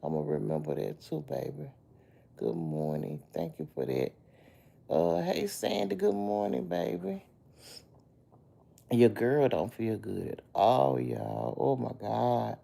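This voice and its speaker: A woman with a chest cold is in bed, casually chatting on a phone live stream, welcoming viewers by name and calling them baby. Her very deep voice is gravelly and dark in tone, slow and sing-song.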